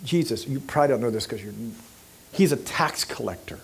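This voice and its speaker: A man's voice: mid-range voice, lively intonation, a little fast, vocal fry, husky, pitched below the performer's own voice, heavily acted. A man voicing a flustered, pleading disciple. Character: anxious male disciple pleading with his teacher.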